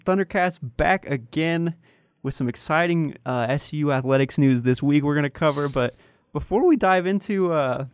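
A young man hosting a casual sports podcast, relaxed and chatty with many fillers. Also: a little high, moderate pace, hardly any pauses, clear, resonant tone, no room sound. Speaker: podcast host.

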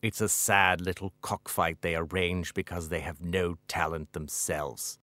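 A man's voice: low-pitched, fairly even intonation, unhurried, bright, forceful tone, no room sound, voice pushed down. A man voicing a bitter aging author who mutters with scorn. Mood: scornful.

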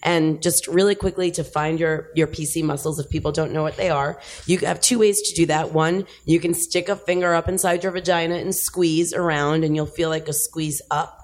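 A woman, a sex expert guest, chatting and explaining in an animated, instructive way. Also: deep voice, moderate pace, few pauses. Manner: animated, instructive, counts out exercises. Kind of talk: casual chat, explaining tips.

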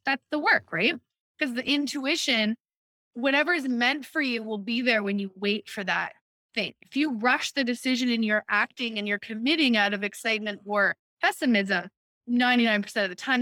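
A woman hosting a casual chat, explaining an idea in a lively way, often checking in with "right?" and acting out quoted thoughts. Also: fairly high pitch, no echo. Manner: lively, acts out quoted inner voices, frequent "right?". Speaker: host explaining a personal decision-making method.

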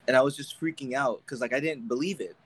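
Young male podcast co-host, animated storyteller, mid-pitched voice, casual chat. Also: fast talker, slightly rough, rough recording.

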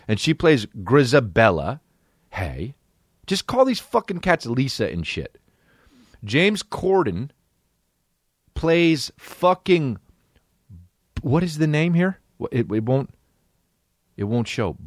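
A male comedy podcast host ranting excitably, with lots of swearing and quick impressions. His pitch swings all over as he talks. The sound is dry and close, with no room around it. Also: no room sound. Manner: excitable, swearing, jumping between voices. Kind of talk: profane comedic rant.

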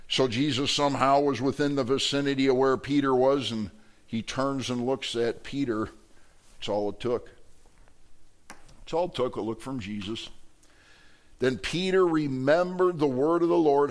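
A middle-aged male pastor with a Wisconsin accent, preaching a sermon and acting out the people he quotes with lively storytelling. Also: mid-range voice, moderate pace, long pauses.

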